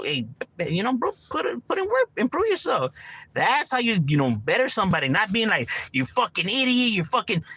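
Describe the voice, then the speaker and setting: A man's voice: on the high side, pushed and bright, no room sound. A man chatting casually on a livestream, rambling in slang, swearing freely and calling listeners bro and homie. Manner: swears freely, laughs often. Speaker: livestreamer reading chat.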